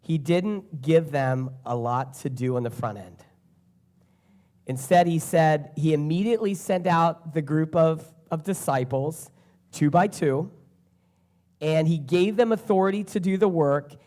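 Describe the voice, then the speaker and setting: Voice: medium pitch, a little slow, dark tone. A preacher giving an earnest sermon and repeating key phrases for emphasis.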